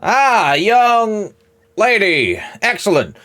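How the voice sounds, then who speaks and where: A man voicing a brash male market trader who hawks fake artifacts in drawn-out patter. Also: high voice, sing-song, a bit bright, pitched above the performer's own voice, heavily acted. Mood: hawking. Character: loud pushy male market huckster selling fake artifacts.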